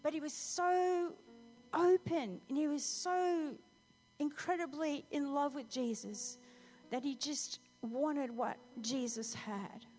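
A woman preacher giving a lively storytelling sermon, speaking directly to the congregation. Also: high-pitched, takes it slowly. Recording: reverberant hall, faint music.

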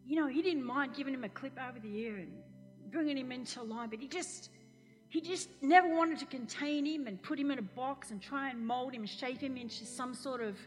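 A woman pastor preaching a sermon, telling a story with animated acted-out quotes. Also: high voice, brisk, big-room sound, soft background music.

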